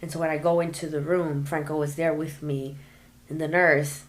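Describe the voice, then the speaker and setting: A woman's voice: sits low, flat delivery, moderate pace. A woman, a podcast guest, telling her story in casual interview chat and acting out what the nurses said to her. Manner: emotional storytelling, acts out quotes of nurses.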